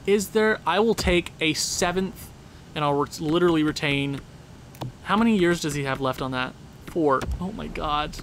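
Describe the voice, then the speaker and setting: A man with a somewhat high voice gives loose, running commentary over a video game. He chats straight at the game and now and then bursts into loud laughing shouts. A faint hiss of noise sits under the recording. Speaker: gaming channel host. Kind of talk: casual gameplay commentary.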